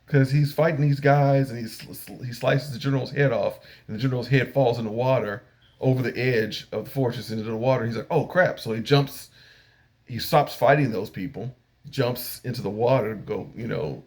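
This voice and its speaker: A man's voice: medium pitch, a little fast, gravelly, a little mellow. An older man casually recapping an anime episode, rambling along with frequent fillers. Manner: rambling retelling with frequent fillers and acted-out paraphrases. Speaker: anime reviewer.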